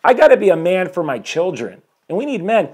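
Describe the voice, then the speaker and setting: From his home, a man in his forties who coaches people on life streams live, preaching self-improvement and greeting each new viewer. His high voice is sing-song, fairly quick, a little mellow and husky, and he speaks with energy and a bit of rambling in this motivational talk.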